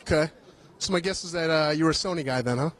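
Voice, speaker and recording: A man with a fairly high voice walks a loud convention hall while hosting a live stream. He jokes, swears casually and rambles loosely, sounding a little winded. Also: fast talker. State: tired, a bit out of breath. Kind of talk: casual walk-and-talk chat.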